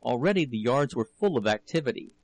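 A man reading a novel aloud as narrator, in a steady, measured storytelling manner with a gravelly voice. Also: mid-range voice, low-quality recording. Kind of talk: audiobook reading.

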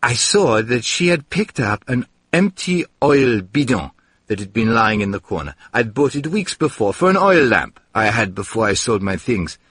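A man's voice: medium pitch, sing-song, normal speed, fairly bright tone, slightly rough, no room sound. A man reading a first-person story aloud in a dry, wry storytelling manner. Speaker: narrator. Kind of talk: first-person audiobook narration.

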